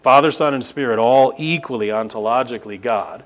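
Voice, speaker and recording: A middle-aged male pastor preaching a sermon. He teaches the congregation emphatically and repeats words for stress. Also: brisk. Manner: emphatic, rises to sharp high bursts and repeats "no, no, no"; teaching, explains Greek grammar to the congregation.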